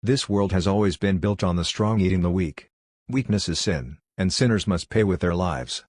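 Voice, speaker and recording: A man's voice: sits low, normal speed, darkish tone, dry recording, clean studio sound. A man reading a smirking, savage traitor disciple. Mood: scornful. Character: scheming young male traitor disciple, arrogant.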